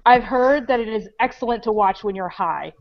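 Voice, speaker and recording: A woman's voice: a little high, moderate pace, muffled recording, a crowd in the background. A woman co-hosting a podcast, chatting casually, blunt and swearing, telling stories that heat up. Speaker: podcast co-host. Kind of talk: casual group chat on a video call.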